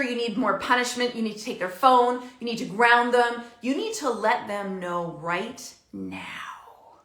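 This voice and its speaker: A chatty woman in her thirties coaching parents in a loose, animated way, full of fillers and little laughs. Her voice is bright and a touch high, and it rings in an echoey room. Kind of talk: casual advice talk to camera.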